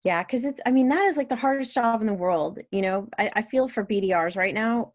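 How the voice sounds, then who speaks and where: A woman's voice: mid-range voice, a little fast, no echo. A woman guest talking through marketing ideas in a thoughtful, conversational way, laughing easily. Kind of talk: casual conversation.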